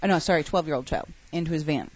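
A woman co-hosts a relaxed talk show and reads out news items. Her delivery stays chatty, and she corrects her own mistakes along the way. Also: deep voice, racing. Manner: reads stories with self-corrections. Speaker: podcast co-host reading news. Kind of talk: casual chat, reading news items.

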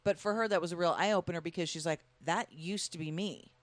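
A woman's voice: fairly low pitch, fairly quick, no echo. A woman sharing a personal story in a casual conversation, laughing often as she talks.

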